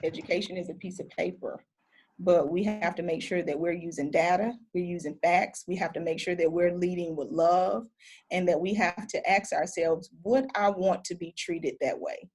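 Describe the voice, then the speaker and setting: A woman nurse practitioner giving an earnest, conversational lecture with audience questions over a video call, often pausing on "um". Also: lowish voice, fairly even intonation, a little mellow, slightly rough. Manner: earnest, conversational, many "um" fillers.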